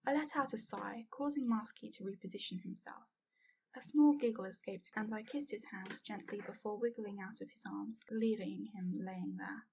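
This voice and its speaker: A woman's voice: medium pitch, normal speed, gravelly, warm tone, breathy edge. A woman reading a first-person fanfiction story aloud, earnest and sometimes dropping to a whisper. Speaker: fanfiction reader. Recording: dull lo-fi home recording.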